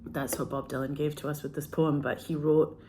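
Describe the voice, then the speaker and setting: A woman's voice: deep voice, level tone, moderate pace, background noise. A woman who is a filmmaker, telling a personal story in a casual, earnest, rambling way full of fillers and restarts.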